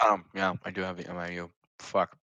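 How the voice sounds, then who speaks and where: Player: deep-pitched man, bright tone, laid-back and a bit profane. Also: fairly quick, no echo, highs cut off. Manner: relaxed, swears casually. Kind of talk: casual tabletop game chat.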